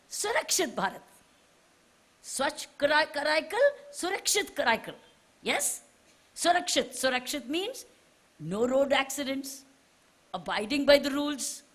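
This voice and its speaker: High-voiced woman exhorting a crowd. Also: a bit bright. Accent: Indian English. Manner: exhorting, fires repeated rhetorical questions at listeners. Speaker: official addressing students. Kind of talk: public speech to a crowd.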